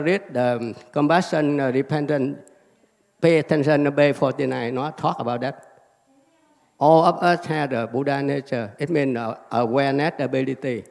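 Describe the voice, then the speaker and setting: Gravelly man with halting speech. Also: fairly high pitch, a little mellow. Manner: halting, fragmented phrasing with many fillers. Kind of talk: dharma lecture. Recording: hall reverb.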